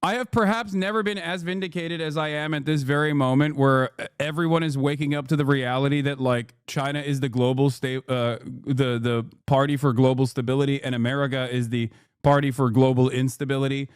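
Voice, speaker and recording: A man in his thirties giving casual live-stream commentary, animated, emphatic and profane. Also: medium pitch, fairly quick, smooth, no room sound, studio quality. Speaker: streamer reacting to news.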